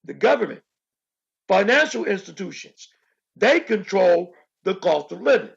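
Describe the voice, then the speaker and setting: Raspy high-voiced man, emphatic. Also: sing-song, a little slow, muffled recording. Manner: emphatic, explanatory, repeats points for stress. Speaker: co-host. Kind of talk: casual podcast discussion.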